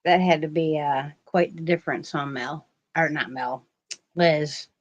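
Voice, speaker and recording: A woman co-hosting a craft livestream in a friendly, thoughtful, casual chat, warmly welcoming viewers. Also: sits low, fairly even intonation, measured pace, no echo, highs cut off.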